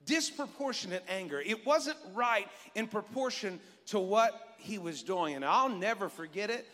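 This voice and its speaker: A middle-aged man preaching a sermon as pastor, animated and joking with his congregation. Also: high voice, a little slow, few pauses. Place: church sanctuary. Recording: long reverb of a church hall.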